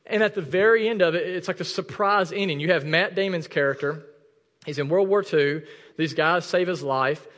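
A fervent male pastor preaching to his congregation, his fairly high voice climbing into near shouts before dropping quiet and personal. The sermon rings out with a long hall reverb around it. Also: normal speed. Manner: impassioned, rising to near shouts then dropping low and intimate. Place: church sanctuary.

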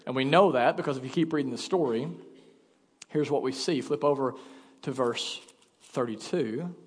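A man's voice: mid-range voice, normal speed, husky, long reverb tail. A male pastor delivering a sermon in an emphatic, conversational way, speaking in a church sanctuary.

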